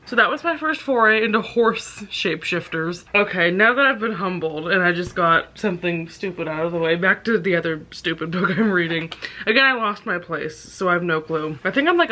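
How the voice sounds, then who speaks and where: A woman's voice: medium pitch, bright, forceful tone. A young woman chatting casually in a book vlog from home, sarcastic and rambling, often breaking into laughter. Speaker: book vlogger. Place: at home, in bed.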